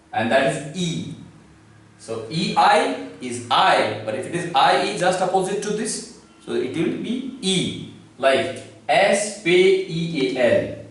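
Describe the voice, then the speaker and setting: A man gives a slow, deliberate classroom-style lesson, spelling letters one by one. His voice sits a little high for a man. He is heard from a distance in a very echoey room. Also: fairly bright tone. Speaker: language teacher. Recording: echoey room, from far off the mic.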